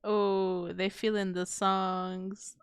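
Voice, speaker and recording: A woman's voice: mid-range voice, level tone, drawn-out words, clear, resonant tone, dry recording, studio quality. A woman streamer chatting casually on a live stream, rambling, giggling often and swearing offhandedly. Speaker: VTuber streamer.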